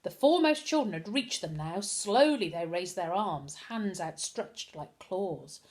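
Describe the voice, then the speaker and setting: Woman reading a kids' novel aloud, lively varied pitch. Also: measured pace. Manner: expressive storytelling. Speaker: reader.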